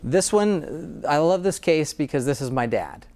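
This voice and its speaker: A man's voice: a little high, animated, unhurried, a little mellow. A dentist in conversation, speaking earnestly and often repeating words as he starts a thought. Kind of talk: conversational interview.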